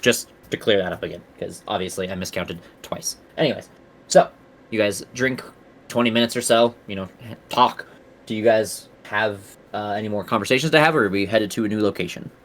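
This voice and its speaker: A man's voice: on the low side, brisk, fairly bright tone. A man running a tabletop game as game master, casually narrating and correcting himself. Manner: casual, laughing, self-correcting.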